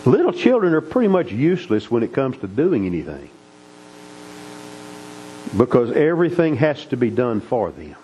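A man's voice: mid-range voice, wildly swooping pitch, moderate pace, pauses often, dark tone, muffled recording, slight background noise. A middle-aged man preaching, telling family stories in a folksy, earnest way. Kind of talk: sermon storytelling.

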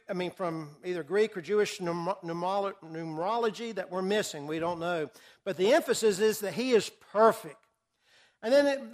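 High-voiced man teaching a Bible class. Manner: asks the class questions and repeats their answers; emphatic, repeats key words for stress. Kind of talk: interactive Bible study lesson.

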